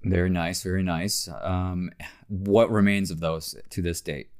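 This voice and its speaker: A man co-hosting a casual sports podcast, talking in a relaxed, chatty way with many fillers. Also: sits low, a little slow, clear, resonant tone. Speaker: podcast host.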